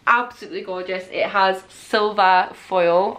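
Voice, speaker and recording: A young woman casually vlogging a book unboxing, excitable and gushing, emotional and close to tears. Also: medium pitch, normal speed.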